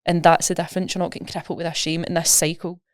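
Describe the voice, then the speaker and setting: A woman's voice: fairly low pitch, flat delivery, rapid-fire, dry recording, clean studio sound. A woman with a Scottish accent, a coach talking casually and animatedly in a podcast interview, explaining with everyday examples. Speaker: nutrition coach, guest.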